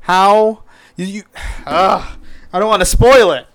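A man's voice: high voice, slow, fairly bright tone, no echo, clean studio sound. A man hosting his own podcast, rambling casually with lots of profanity, stumbling over words and getting exasperated. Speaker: podcast host. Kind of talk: casual solo podcast review.

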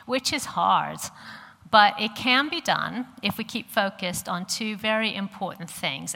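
Bright-voiced American woman preaching. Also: medium pitch, gravelly, big-room sound. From USA. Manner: warm, chatty and earnest, with many fillers. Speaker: church speaker. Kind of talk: sermon with personal stories.

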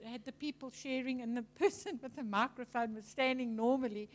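A woman preaching to a congregation, chatty and animated, telling stories and mimicking people. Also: fairly high pitch, a little fast. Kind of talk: teaching sermon.

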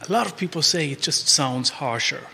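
A man from Germany with a German accent, a guest talking in a casual chat, with halting, restarting storytelling. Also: a little high, animated, creaky, bright, forceful tone, long reverb tail.

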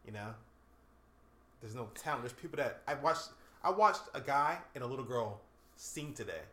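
A man's voice: medium pitch, expressive, normal speed, bright, forceful tone, echoey room. A man co-hosting a casual talk podcast, easygoing and slangy. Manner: laid-back, agreeable, slangy. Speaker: podcast co-host. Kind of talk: casual chat.

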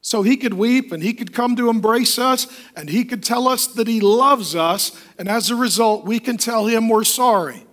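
A pastor with a high-pitched, slightly bright voice preaches a sermon with emphasis, slipping into quoted voices to drive his points home. He keeps a moderate pace with hardly any pauses.

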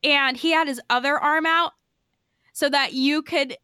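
Young woman, bubbly chatty podcast co-host, bright clear tone, dry close mic. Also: high-pitched, steady tone, measured pace, no room sound. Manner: chatty, bubbly storytelling full of fillers. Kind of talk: casual chat.

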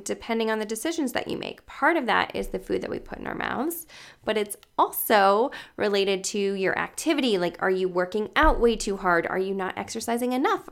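A woman's voice: medium pitch, gravelly. A woman talking casually as a health coach on a livestream, chatty and full of "like" and "you guys", greeting viewers by name as they join.

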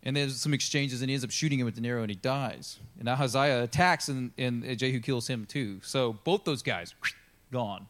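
In church, a pastor with a mid-range voice at normal speed tells a Bible story in a casual, chatty sermon. He's animated, acting out the characters as he goes.

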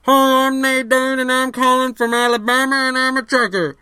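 A man voicing a slow, deadpan male trucker calling in. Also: extremely high pitch, smooth, no echo, heavily acted. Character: blunt male trucker caller. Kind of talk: comedic sketch.

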